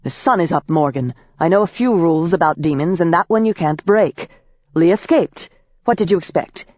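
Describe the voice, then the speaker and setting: A woman's voice: on the low side, lively intonation, moderate pace, a little mellow, no room sound. A haughty young man snaps back in clipped lines, as a woman narrator plays him, only slightly raised from her usual voice. The sound is dry and a little dull, like a close audiobook read. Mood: defiant. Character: proud, wealthy young man, stiff and defiant.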